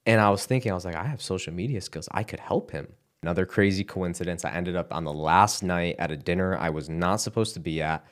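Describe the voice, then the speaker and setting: A young man giving a halting, emotional personal testimony, close to tears, with casual fillers and sighs. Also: deep voice, darkish tone. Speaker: content creator sharing his testimony.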